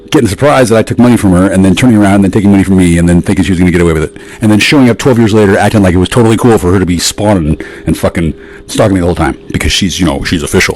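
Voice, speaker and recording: A man in a rambling, profane monologue, sarcastic and ranting, with sudden jumps up in pitch. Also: darkish tone, slight background noise, poor audio.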